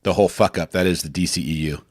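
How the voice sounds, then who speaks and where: Male co-host, deep and easygoing, dry close recording. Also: darkish tone, dry recording. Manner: laid-back, swears casually, reads slow and low for takes. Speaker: podcast co-host reading voice-over. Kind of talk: casual chat and voice-over reading.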